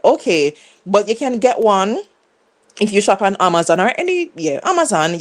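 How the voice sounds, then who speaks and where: A woman with a Caribbean English accent hosting a live reaction show, chatting casually and asking viewers questions. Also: on the low side. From Caribbean island.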